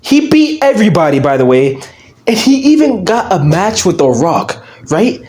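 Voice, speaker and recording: A young man rants in casual commentary with a high, bright-edged voice. His pitch jumps wildly from line to line, and he flips between loud outbursts and low, tossed-off mumbles. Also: moderate pace. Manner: loud, excitable, swings between shouting and mumbling. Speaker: channel host.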